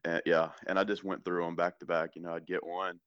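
A man's voice: low voice, little pitch movement, a little fast, fairly bright tone, no room sound, lo-fi sound. A man with a Southern US accent, a church worship leader guesting on a podcast, talking easygoing and rambling with many restarts. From American South. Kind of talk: casual chat.

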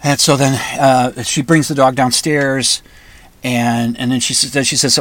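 A man's voice: mid-range voice, steady tone, a little slow, no room sound. Man telling a personal story, dry sound. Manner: conversational, restarts, flares into loud angry outbursts.

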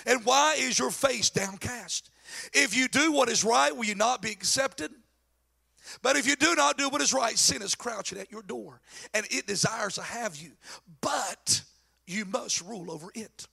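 A pastor preaches at normal speed in a very high, gravelly voice with a bright, forceful tone. He slides from low asides into shouted exhortation, mockingly acting out the voices he quotes.

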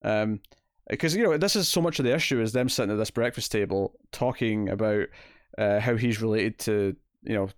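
A man's voice: lowish voice, a little fast, clean tone, no room sound, clean studio sound. A Scottish man co-hosting a casual comic review chat, blunt and opinionated, with lots of fillers. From Scotland. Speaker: podcast co-host.

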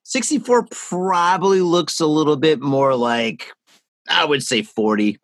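A man's voice: on the high side, measured pace, fairly bright tone, no room sound. A man co-hosting a podcast, getting drunk, joking and swearing as he urges his co-host to read on. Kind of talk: casual profane banter.

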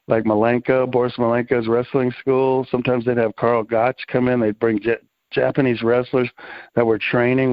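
A man's voice: medium pitch, dry recording. A middle-aged man, a guest in a casual interview, telling rambling, laid-back stories full of fillers and slang. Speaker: interview guest, former wrestling promoter. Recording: slightly dull, dry lo-fi sound.

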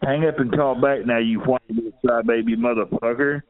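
A man's voice: medium pitch, fairly even intonation, a little fast. A man on a phone line, harshly taunting and insulting another caller.

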